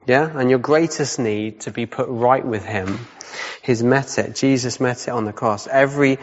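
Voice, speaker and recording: A man's voice: medium pitch, normal speed. A man preaching a sermon in a casual, conversational way, often checking in with "yeah?" and repeating his key points. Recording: dull sound with long hall reverb.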